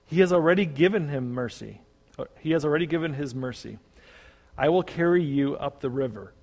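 A man voicing a gentle, patient eldest brother who speaks softly. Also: fairly high pitch, fairly quick. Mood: pleading. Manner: soft-spoken, gentle. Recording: long reverb.

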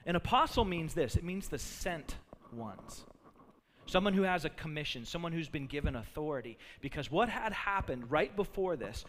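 A man with a fairly high voice preaches a sermon as a pastor. His delivery is animated, like a storyteller who acts out quotes from his characters. A long reverb from a big hall trails his words. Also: moderate pace, slight background noise.

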